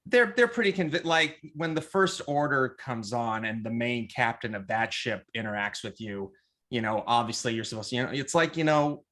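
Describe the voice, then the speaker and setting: A chatty podcast man with a mid-pitched voice tells a story with lots of energy. He stumbles over his words and restarts, then slips into quick put-on voices when he quotes people. His background in theater shows in how he plays things out. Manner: animated storyteller who acts out quotes with many restarts; theater-trained. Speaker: podcast co-host reporting on a trip. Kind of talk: casual chat.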